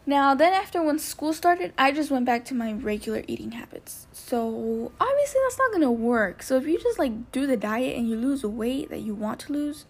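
A woman's voice: sits high, lively intonation, moderate pace, hardly any pauses, breathy edge. A young woman telling a personal story on her podcast in a loose, rambling way, full of "like" and acted-out quotes. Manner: rambling, heavy use of "like", acts out quotes. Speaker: podcast host.

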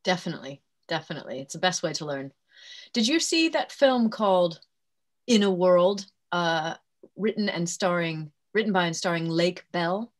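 A woman voice actress talks as an interview guest in a slightly low register. She is chatty and agreeable. She speaks in a relaxed, conversational way. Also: moderate pace. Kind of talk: casual interview chat.

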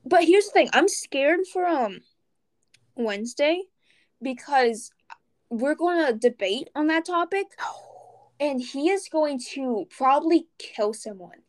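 A teenage girl co-hosting a laid-back podcast with her friend. Her voice sits a little on the high side, and she rambles through her stories with plenty of fillers and laughter. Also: lively intonation, slow pace, low-quality recording. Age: teens. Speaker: podcast co-host. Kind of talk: casual chat.

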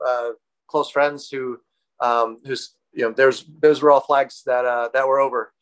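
A man as a guest on an interview podcast, rambling and halting with many fillers and restarts. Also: mid-range voice, fairly even intonation, a bit bright, clear, resonant tone, low-quality recording. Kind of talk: casual interview talk.

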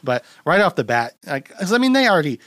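A man's voice: on the high side, sing-song, fast, fairly bright tone, no echo, clean studio sound. Rambling young man chatting about films. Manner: rambling, filler-heavy, laughs often. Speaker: podcast host. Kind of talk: casual film chat.

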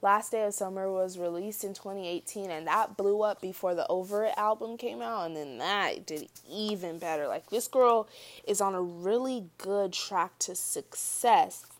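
Speaking at a moderate pace in a mid-range voice, this young woman chats directly to her audience in a casual commentary vlog. Filler words pile up, and she refers to her viewers as y'all.

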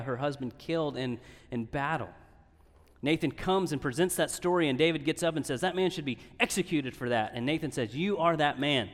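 A man preaching a sermon in earnest tones, often checking in with "right?". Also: medium pitch. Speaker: pastor. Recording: reverberant hall.

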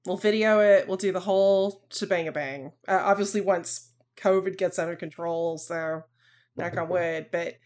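A woman from the American South with a light Southern accent, co-hosting a film podcast in casual chat, filling pauses with ums. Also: fairly low pitch, fairly even intonation, darkish tone. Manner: chatty, lots of ums, friendly. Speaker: podcast co-host.

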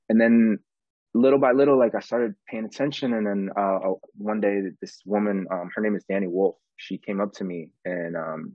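A man guest on a podcast, telling his story in a casual, animated way, saying "bro" often and acting out what people said. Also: fairly low pitch, no room sound, lo-fi sound. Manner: animated, says "bro" a lot, acts out quotes.

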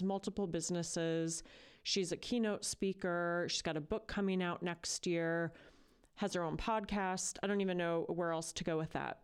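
A woman's voice: fairly low pitch, a little mellow, clean tone. A woman hosting a podcast, talking in a casual, earnest and chatty way. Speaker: podcast host. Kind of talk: casual solo podcast talk.

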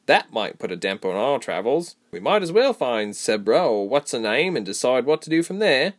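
A man voicing a gruff, fiery young woman. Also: medium pitch, very animated, normal speed, pitched above the performer's own voice, lightly acted. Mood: blunt. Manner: gruff, teasing, matter-of-fact.

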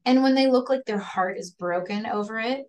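A woman speaks in a slightly high, somewhat mellow voice at a moderate pace, sounding a bit distant from the mic. She's a podcast guest chatting candidly and earnestly about raising kids, laughing often and acting out both her child's words and her own.

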